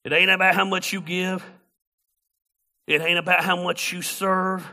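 A man preaching a sermon as a pastor, telling a story in an animated, humorous way. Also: on the high side, moderate pace.

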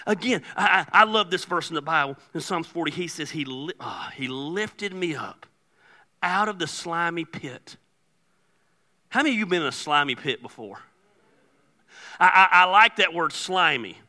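A man preaching a sermon as pastor, telling a joking story with sudden loud outbursts. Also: high voice, lively intonation, measured pace. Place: church sanctuary. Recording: long hall reverb.

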